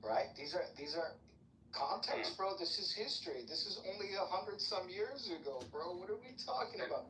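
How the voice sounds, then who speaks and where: A combative man argues crudely in a heated debate, his voice swinging widely in pitch. He sounds far from the mic in an echoey room with clear background noise. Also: animated, sharp tone. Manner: combative, crude, rapid outbursts. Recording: echoey, distant, noisy room audio.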